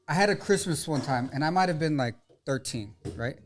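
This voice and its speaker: A male podcast co-host chats casually and tells stories with an easygoing, loose delivery. His voice sits a bit higher than most men's, and he swears without a second thought. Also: expressive, fairly quick. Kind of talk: casual chat.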